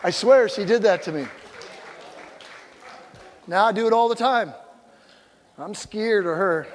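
An older man delivers a sermon in a notably high voice, mixing teaching with humor. He slips into acted-out quotes to make his points. Long hall reverb trails his words. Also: unhurried, a faint crowd, slight background noise. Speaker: pastor.

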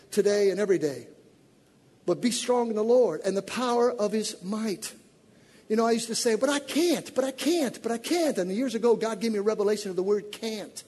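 A middle-aged male pastor with a high, husky voice delivers a sermon that climbs to shouted exhortation and falls back to easy storytelling. His words ring out with a long reverb, as if spoken in a large church hall. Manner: swings from loud shouted exhortation to low conversational storytelling.

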